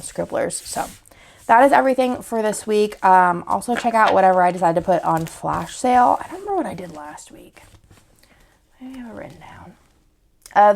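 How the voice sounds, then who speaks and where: A woman's voice: on the low side, creaky, darkish tone. A woman with a sore throat and a sick voice, showing off her shop's new products in a casual, rambling way full of fillers.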